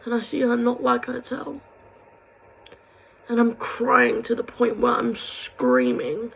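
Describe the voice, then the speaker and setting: Young woman with a gravelly, husky voice. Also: on the high side, very animated, takes it slowly, poor audio. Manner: rambling, heartfelt, swings into angry ranting. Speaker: vlogger. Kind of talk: emotional confessional vlog.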